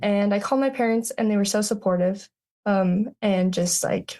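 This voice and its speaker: A young woman in her twenties tells her own story as an interview guest. Her voice has a noticeable gravelly fry, and her pitch sits mid-range for a woman. She talks in a halting way, full of fillers and restarts. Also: mellow. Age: 20s. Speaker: podcast guest.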